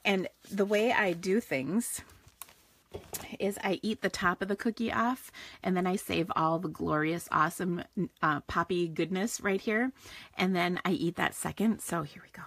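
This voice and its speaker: A woman's voice: on the low side, a little slow, a bit bright, slightly rough, no room sound. A woman hosting a live card-making stream, talking casually and rambling with frequent laughs. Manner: chatty, rambling, laughs often. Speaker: stamping and card-making host.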